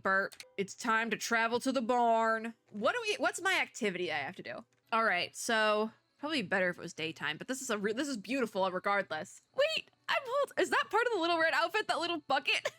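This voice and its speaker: A woman's voice: lowish voice, sharp tone, no echo. A young woman chatting casually and giggling as she plays a game and comments aloud. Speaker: gaming content creator. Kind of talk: casual let's-play commentary.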